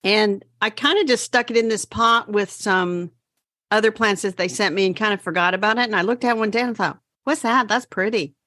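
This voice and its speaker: A woman's voice: mid-range voice, sharp tone, no room sound, clean studio sound. Chatty woman gardening podcast host. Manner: chatty, brisk gardening updates. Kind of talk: casual chat.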